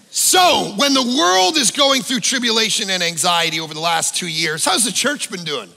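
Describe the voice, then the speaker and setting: A male pastor preaching a conversational sermon, emphatic, with sudden loud bursts and casual asides. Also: high-pitched, expressive, moderate pace, gravelly, hardly any pauses, big-room sound. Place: church auditorium.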